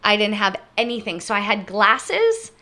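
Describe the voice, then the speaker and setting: A woman co-hosting a travel podcast, telling stories in a lively, chatty way and speaking straight to her listeners. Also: mid-range voice, moderate pace. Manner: animated storyteller, addresses listeners directly. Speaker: podcast co-host. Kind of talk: casual travel story chat.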